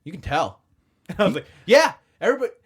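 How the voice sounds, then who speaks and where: Animated storytelling comedian in his thirties. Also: fairly high pitch, fairly quick, slight background noise. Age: 30s. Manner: animated storyteller acting out quoted people. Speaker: stand-up comedian guest. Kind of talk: casual storytelling chat.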